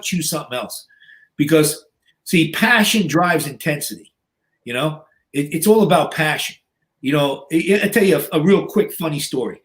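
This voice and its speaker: A man in his sixties, a podcast guest, telling stories in a blunt, profane way, full of "you know" fillers and acting out other people's lines. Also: fairly high pitch. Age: 60s. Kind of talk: casual storytelling.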